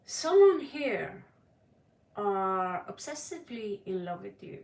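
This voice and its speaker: A woman with a Norwegian accent giving a tarot reading on a livestream, talking dramatically with sudden loud stresses. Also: medium pitch, big pitch swings, slow, distant mic. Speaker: tarot reader. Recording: echoey room, voice a bit off-mic.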